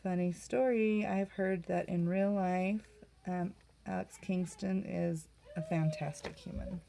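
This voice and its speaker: Creaky-voiced chatty woman painting. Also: on the low side, fairly even intonation, measured pace, mellow, a little hiss or hum. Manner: chatty, self-mocking, laughs easily. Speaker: art vlogger. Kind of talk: casual crafting tutorial chat.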